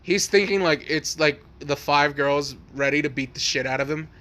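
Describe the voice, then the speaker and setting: A man's voice: on the high side, moderate pace, bright, forceful tone. A man casually telling an improvised fan story, rambling and profane, full of likes and restarts.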